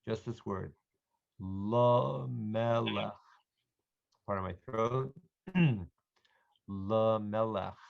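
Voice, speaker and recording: This online Hebrew reading lesson for adults is led by a man with a lowish voice and vocal fry, who patiently pronounces words slowly so learners can repeat them. The sound is lo-fi.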